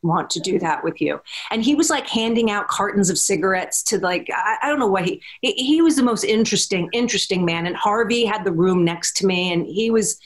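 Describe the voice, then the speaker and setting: A middle-aged woman, an actress guest, telling animated behind-the-scenes anecdotes in casual chat, with frequent restarts and acted-out quotes. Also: medium pitch, brisk, hardly any pauses. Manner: animated storyteller, acts out quotes, many restarts.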